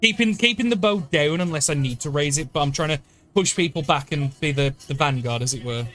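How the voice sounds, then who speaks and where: A man in a tabletop game talks his character through a tense standoff. His voice sits a little high. He is formal and diplomatic. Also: brisk, fairly bright tone. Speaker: player.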